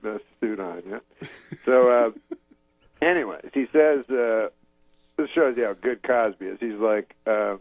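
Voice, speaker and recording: A man, a comedian, telling a long rambling story in a halting, deadpan way and chuckling now and then. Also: on the low side, no echo. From Canada. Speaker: comedian guest. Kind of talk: rambling storytelling on a radio interview. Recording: dull dry lo-fi radio recording.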